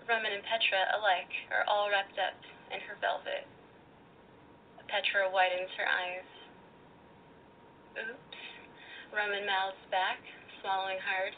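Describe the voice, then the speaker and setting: A woman calling in to a radio show, reading her own story aloud in an expressive, teasing way. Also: mid-range voice. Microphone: phone. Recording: tinny phone line, faint noise.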